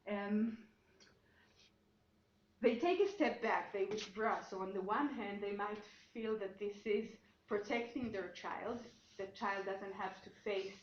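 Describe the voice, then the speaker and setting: A woman giving an academic seminar talk as lecturer, explaining her research and often restarting her sentences as she thinks aloud. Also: mid-range voice. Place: seminar room, indoors. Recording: echoey room, dull sound, faint noise.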